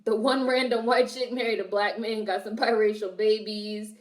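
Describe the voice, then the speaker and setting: A woman's voice: medium pitch, level tone, normal speed. A woman streamer reacting to a film, chatting casually, laughing often and reading her chat aloud.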